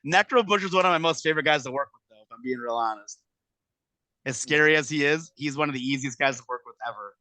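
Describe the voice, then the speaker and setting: Animated man telling a raunchy story. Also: a little high, fast talker, no echo. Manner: animated, acts out quotes in exaggerated voices, profane. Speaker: podcast guest telling a wrestling story. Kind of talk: casual storytelling.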